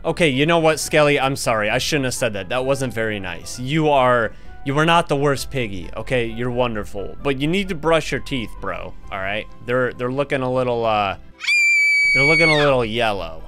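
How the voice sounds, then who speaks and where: A man giving casual gameplay commentary as a gaming host, excitable and playful, laughing and trash-talking often. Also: mid-range voice, moderate pace, music in the background.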